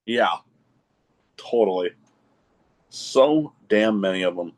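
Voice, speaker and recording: A man hosting a podcast, telling stories with excitement and often restarting his phrases. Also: lowish voice, takes it slowly. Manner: excitable storyteller, repeats starts of phrases. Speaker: podcast host. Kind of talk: casual chat.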